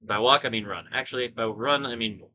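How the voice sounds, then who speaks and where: A man's voice: medium pitch, brisk, bright, forceful tone, rough recording. A man hosting a gaming video, giving casual gameplay commentary and thinking aloud in rambling asides.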